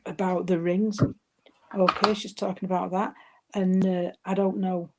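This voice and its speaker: A woman's voice: fairly low pitch, flat delivery, a little slow, noisy background. A woman giving a live mediumship reading, hesitant and affectionate, calling her listeners darling. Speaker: spiritual medium.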